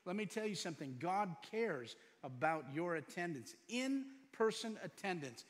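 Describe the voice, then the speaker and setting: A pastor in his fifties preaching a sermon, firing rhetorical questions and swinging between loud and soft. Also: high-pitched, animated, moderate pace, few pauses. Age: 50s. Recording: long reverb in a church hall.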